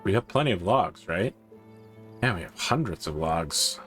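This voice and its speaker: A man with a fairly low voice talks through a city-building game in a relaxed, chatty way, reasoning out loud as he plays. His voice climbs when an idea excites him. Faint music plays underneath. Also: normal speed. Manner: chatty, thinking aloud, rising when excited. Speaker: gaming streamer. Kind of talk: casual gameplay commentary.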